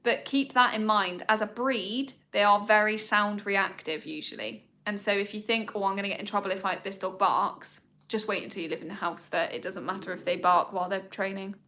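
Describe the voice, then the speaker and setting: A woman's voice: fairly even intonation, a little fast, few pauses, sharp tone. A woman, chatting casually to viewers in a live Q&A about her dogs. She talks in a rambling way, with plenty of ums. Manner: coos at her dogs in a high voice. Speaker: dog owner hosting a live Q&A. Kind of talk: casual live-stream chat.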